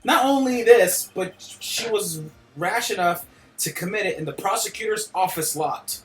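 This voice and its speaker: A man reading aloud the lines of a cold, sharp male prosecutor from a game, in a stiff, formal way. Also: high voice, unhurried, echoey room, soft background music, voice pushed up.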